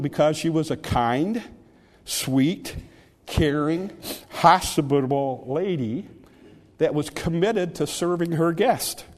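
A man's voice: a little high, darkish tone, big-room sound. A man preaching a sermon in an earnest, conversational way, often restarting his words.

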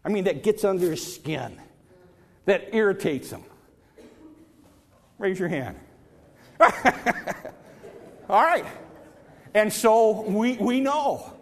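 High-voiced preacher in a reverberant church. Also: male voice, animated, very slow, pauses often. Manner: folksy storytelling, repeats words when pressing a point. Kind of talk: sermon.

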